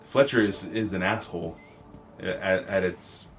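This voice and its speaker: A man co-hosting a podcast, talking excitedly and profanely in a casual film review chat. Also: deep voice, measured pace. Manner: excited, profane, retells scenes. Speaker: podcast co-host.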